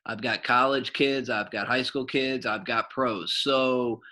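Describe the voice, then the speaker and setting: Man, middle-aged, coach, casual storytelling, lively and rambling. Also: medium pitch, measured pace. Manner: animated, rambling with many fillers. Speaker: soccer coach and former goalkeeper.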